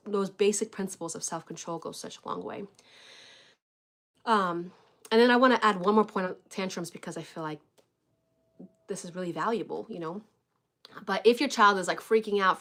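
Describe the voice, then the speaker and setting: A young woman talks through parenting advice in an easygoing, rambling livestream chat. She leans on fillers and homey address to her viewers, with a medium-pitched voice. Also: a bit bright. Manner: chatty, filler-heavy, says "y'all" and "like" often. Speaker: parenting coach. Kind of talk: casual chat to camera. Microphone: live stream webcam.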